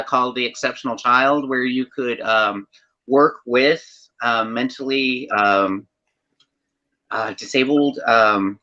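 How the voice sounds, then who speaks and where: A man chatting casually as a guest on a livestream panel, excitable and rambling, apologizing for going off track. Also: mid-range voice. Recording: dull lo-fi audio.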